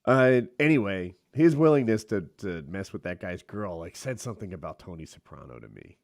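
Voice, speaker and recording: A man on a casual podcast who keeps asking questions in a lively way. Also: fairly low pitch, a little fast, dry recording, studio quality. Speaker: podcast co-host.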